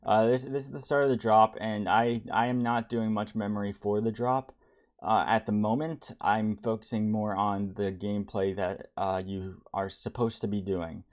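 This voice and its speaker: A young man streaming as he builds a game level, talking casually in a halting way with many restarts and fillers. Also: on the low side, steady tone. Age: young adult. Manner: halting, many restarts and ums, reads chat aloud. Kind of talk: casual live-stream talk.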